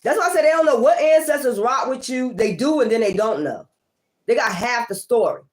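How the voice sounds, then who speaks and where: Expressive and talking a little fast, a tarot reader delivers a casual reading that's blunt and full of profanity. She's confrontational, bursting out loudly one moment and muttering under her breath the next.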